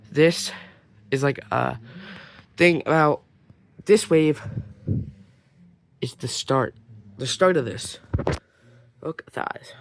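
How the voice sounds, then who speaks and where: A man's voice: mid-range voice, a little hiss or hum. A man from Ireland showing off his toy collection in a casual, rambling way, with many fillers and some near-whispered asides. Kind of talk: casual collection show-and-tell.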